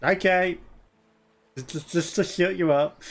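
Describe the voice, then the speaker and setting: A man's voice: high-pitched, steady tone, unhurried. A man giving casual let's play commentary, joking crudely, laughing often and talking back at the game.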